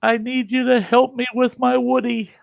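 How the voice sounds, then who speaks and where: An older man mimicking his small grandson, putting on a high, pleading child's voice while telling a story. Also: flat delivery, normal speed, vocal fry, dry recording, dull audio, full character voice. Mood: frantic. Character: wailing little boy of about four.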